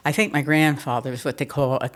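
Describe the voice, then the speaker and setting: An older woman, telling stories from her life as a mayor in a lively, laughing way, often repeating words as she restarts. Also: deep voice, fast talker. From Pennsylvania. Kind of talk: conversational storytelling interview.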